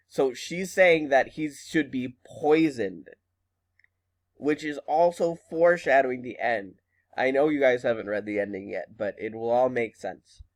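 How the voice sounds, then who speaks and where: A man's voice: medium pitch, unhurried. Casual male teacher explaining a play. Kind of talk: lesson reading and explaining a play.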